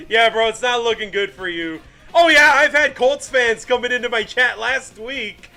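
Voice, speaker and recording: A young man streaming live fan commentary on a football game, self-mocking and excitable, ranting at his team and greeting chat. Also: very high-pitched.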